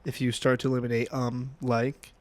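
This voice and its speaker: A man from Lebanon co-hosting a podcast, easygoing and quick to laugh in casual chat. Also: mid-range voice, little pitch movement, no room sound. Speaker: podcast co-host.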